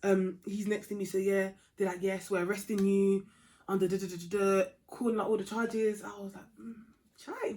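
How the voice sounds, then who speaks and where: A young woman telling a storytime vlog story in a chatty, animated way, dropping to a hush and rising to heated outbursts. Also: medium pitch, normal speed. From England. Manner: chatty and animated, swings from hushed to loud and heated. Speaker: vlogger.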